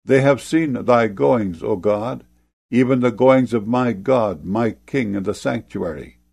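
A man reading scripture aloud in a steady, solemn manner. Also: mid-range voice, unhurried, vocal fry. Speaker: Bible reader.

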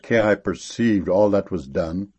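A man reading old King James scripture verses aloud in a measured, solemn recitation. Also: low-pitched, a little mellow, slightly rough, lo-fi sound. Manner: measured solemn recitation, raising his voice on exclamations. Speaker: scripture reader.

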